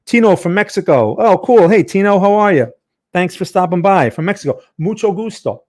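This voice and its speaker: New Jersey-accented man, fairly high voice, chatty live-stream trading teacher. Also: lively intonation, a little fast, a little mellow. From Northern New Jersey, USA. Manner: chatty, talks to chat viewers. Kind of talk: live-stream market lesson.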